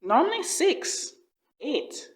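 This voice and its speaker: A woman's voice: high voice, very animated, slow. A woman hosting a reaction video, chatting casually and emotionally, often exclaiming and repeating words for emphasis.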